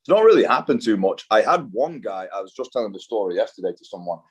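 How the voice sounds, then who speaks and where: Slangy low-voiced British fighter. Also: male voice, sing-song, fast, slightly rough. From Britain. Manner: laid-back, slangy, swears, says "dude". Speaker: guest, mixed martial arts fighter. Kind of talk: casual interview chat.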